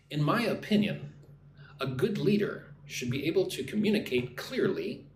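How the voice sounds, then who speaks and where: A male English teacher on a live stream, reading viewers' chat messages and modelling exam answers with pronunciation drills. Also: mid-range voice. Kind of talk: live-streamed speaking lesson. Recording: roomy echo, faint background noise.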